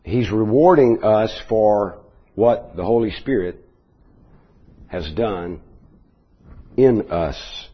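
Husky guy preaching, slow explaining tone, kinda dull lo-fi sound. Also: lowish voice. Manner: measured, explanatory, with restarts and asides. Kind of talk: Bible teaching sermon.

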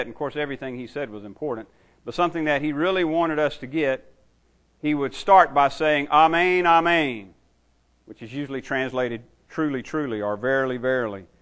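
A middle-aged or older man giving a sermon as a pastor, talking through a passage in a conversational way and reading the quoted verses with slow, strong emphasis. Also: on the high side, a bit bright.

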